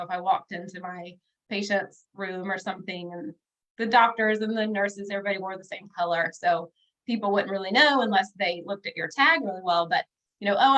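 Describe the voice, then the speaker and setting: A woman's voice: medium pitch, a bit bright, poor audio. A woman in her thirties, a bookkeeper and business coach, talking casually and upbeat to viewers on a livestream, with plenty of fillers. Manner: chatty and upbeat, with frequent fillers, speaking directly to viewers.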